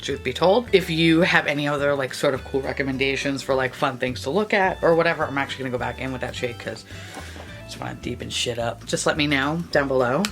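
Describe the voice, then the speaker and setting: A woman's voice: very deep voice, fast talker, gravelly, over music. A woman, chatting in a rambling, profane way while doing her makeup. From New York. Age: 30s. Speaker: beauty vlogger. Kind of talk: casual get-ready-with-me chat.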